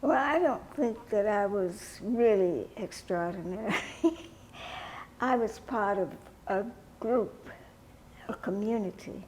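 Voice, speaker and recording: A woman in her nineties, a guest educator and activist, answering in a modest, measured way. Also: medium pitch, darkish tone, slight background noise. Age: 90s. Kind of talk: interview answers.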